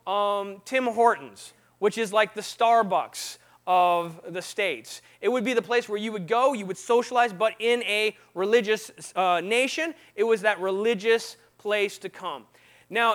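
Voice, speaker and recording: A man with a high, light voice delivers a relaxed sermon to a congregation. He keeps the tone conversational, checking in with his listeners and asking them to fill in the words. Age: not young. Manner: lively, quizzes the audience with frequent "right?" and "what?". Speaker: preacher.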